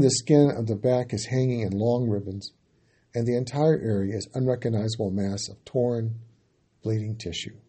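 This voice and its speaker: A man giving a dramatic sermon that retells scripture. He gets loud on quoted cries and falls quiet at the ends of lines. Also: mid-range voice, breathy edge.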